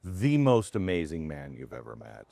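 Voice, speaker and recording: A man's voice: rumbling low, huge pitch swings, moderate pace, vocal fry, warm tone, dry recording. A man who works as a radio host, chatting as a guest and telling earnest, reflective stories. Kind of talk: casual chat, storytelling. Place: diner.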